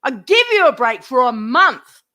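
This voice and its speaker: A woman's voice: high-pitched, sing-song, a little slow, bright, forceful tone. A woman live streamer ranting to her chat, indignant, swearing heavily and repeating herself.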